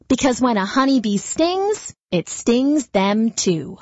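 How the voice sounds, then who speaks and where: A woman narrating a children's story in a gentle, lively storytelling manner. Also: fairly high pitch, takes it slowly, dry recording, highs cut off.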